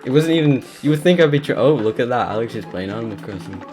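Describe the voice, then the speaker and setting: Animated and quick, a British man in a mid-range voice tells a meandering personal story while gaming, stumbling through fillers and restarts. Game music plays behind him, along with some background noise.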